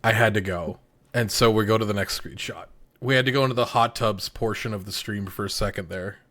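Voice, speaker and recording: A man co-hosting a podcast, reacting to an anime in an excitable, emphatic way with profanity. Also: fairly low pitch, brisk. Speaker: podcast co-host. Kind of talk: casual podcast chat.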